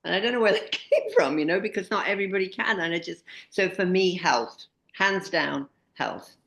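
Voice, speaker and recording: A woman in her sixties telling animated anecdotes as an interview guest, often laughing at herself. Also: medium pitch, brisk, gravelly. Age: 60s. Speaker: interview guest, speaker and expedition leader. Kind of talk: casual interview storytelling.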